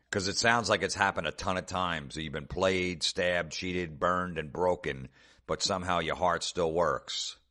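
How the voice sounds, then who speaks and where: Male comedian host, extremely deep voice, sarcastic and foul-mouthed. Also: bright, forceful tone. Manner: sarcastic, profane mockery. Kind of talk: comedic podcast rant.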